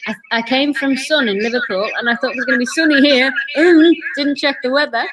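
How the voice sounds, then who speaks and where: A woman's voice: high voice, a little fast. Giggly, chatty woman co-hosting a live show. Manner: chatty, giggly, warmly teasing. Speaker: co-host of a live paranormal show. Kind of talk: casual live-stream chat. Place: indoors in a castle room by a fire. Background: crackling fire.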